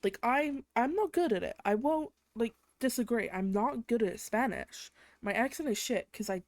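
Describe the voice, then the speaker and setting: A woman's voice: on the high side, animated, normal speed, no room sound. A young woman from England, hosting her own show, ranting casually with a lot of swearing and filler "like"s. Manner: exasperated, swears a lot, heavy use of "like". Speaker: podcast host.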